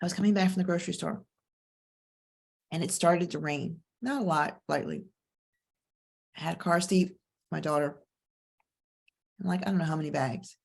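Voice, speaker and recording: Middle-aged woman, divorce coach host, lower register, emphatic motivational delivery. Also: creaky. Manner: emphatic, preacher-like cadence with slow stressed phrases. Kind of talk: motivational monologue and personal story.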